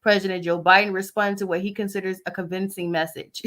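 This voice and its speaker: A woman's voice: medium pitch, little pitch movement, a little fast, a bit bright. A woman in her thirties giving casual commentary on news stories, blunt and emotional, sighing often as she reads. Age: 30s. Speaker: vlogger reading the news.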